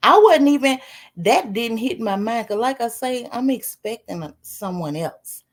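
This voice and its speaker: A woman livestreaming, casually telling a story to her chat. She is animated, swears freely, laughs as she talks and keeps throwing questions to her viewers. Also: a little high, unhurried. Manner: laughs while talking. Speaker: live streamer.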